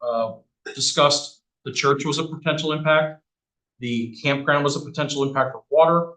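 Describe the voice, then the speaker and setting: A man chairing a town planning board meeting, brisk and reading out agenda items. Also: medium pitch, a bit bright. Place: municipal meeting room. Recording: echoey meeting room.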